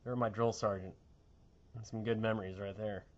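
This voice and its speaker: A man's voice: fairly low pitch, level tone, normal speed, dull audio. Chatty middle-aged TV weatherman. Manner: chatty, rambling, sentimental. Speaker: TV meteorologist. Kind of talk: casual on-air chat.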